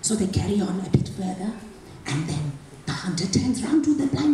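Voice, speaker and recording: Expressive woman telling a folktale. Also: mid-range voice, moderate pace, slight background noise. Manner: rhythmic, expressive, repetitive phrasing. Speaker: storyteller. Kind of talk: live oral storytelling. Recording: echoey hall from far off, faint ambience.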